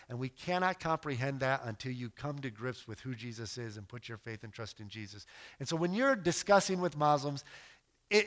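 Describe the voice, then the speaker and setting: A man's voice: fairly high pitch, a bit bright. A man giving an earnest teaching sermon as a missionary preacher, emphatic and storytelling. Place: lives in West Africa.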